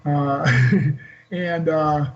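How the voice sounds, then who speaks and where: A man in his sixties, a guest on an interview show, telling an emotional personal story in a halting way with many fillers and restarts. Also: fairly high pitch, flat delivery, faint music behind. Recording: dull lo-fi call audio.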